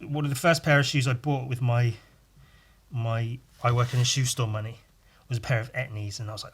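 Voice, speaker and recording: A man's voice: medium pitch, fairly even intonation, brisk. A man hosting a podcast, rambling casually with crude, self-mocking humour while he draws. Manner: talks while drawing. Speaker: podcast host.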